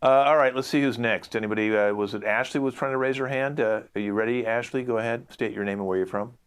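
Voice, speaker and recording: A man's voice: medium pitch, steady tone, fast, smooth. A man hosting an improv game as a brusque, dismissive casting director, over a video call. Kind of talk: improvised comedy scene.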